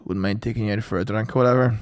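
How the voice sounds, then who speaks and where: A Northern Irish man co-hosting a comedy podcast, telling a story in animated chat and acting out the other voices. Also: lowish voice, racing. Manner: animated, acts out voices, laughs often. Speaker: podcast co-host.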